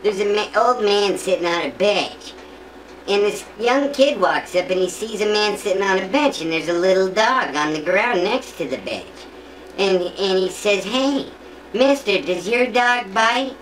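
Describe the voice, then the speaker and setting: Halting woman telling jokes. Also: mid-range voice, expressive, low-quality recording. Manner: halting, repeats words and restarts mid-sentence. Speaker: joke teller. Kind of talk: casual joke telling. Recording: faint background noise.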